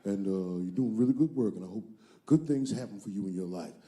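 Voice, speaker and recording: A polite, measured adult man speaks well below the comedian's own voice, slow and gracious in tone, as a stand-up comic puts him on. The voice is pitched down and kept smooth for the impression. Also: lively intonation, warm tone, close to an everyday voice. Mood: courteous.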